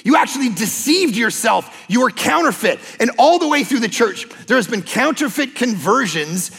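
A man preaching a sermon as a pastor, impassioned and emphatic, sometimes breaking into shouts. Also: extremely high pitch, very animated, moderate pace, creaky, slightly rough, in a large hall. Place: church sanctuary.

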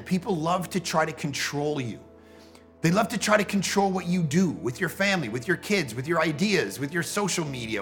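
A male pastor in his thirties preaching a sermon, telling stories with animated asides and acting out the people he quotes. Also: a little high, creaky. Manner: animated storytelling, acts out quoted voices.

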